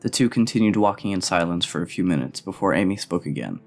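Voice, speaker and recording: A man reading a novel aloud in a steady, even narrating voice. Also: sits low, quick pace, creaky, faint music behind. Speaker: audiobook reader.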